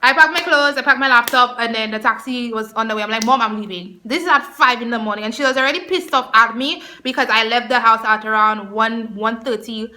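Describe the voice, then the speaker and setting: Young woman spilling a story to camera, super bright voice, kinda high, lively. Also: a little fast, hardly any pauses. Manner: animated, expressive storyteller. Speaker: vlogger. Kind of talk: storytime vlog, casual chat.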